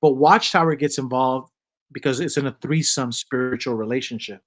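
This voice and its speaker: A man in his fifties hosting a casual livestream chat, rambling and joking in a loose, animated way. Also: medium pitch, moderate pace, rough recording. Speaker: host.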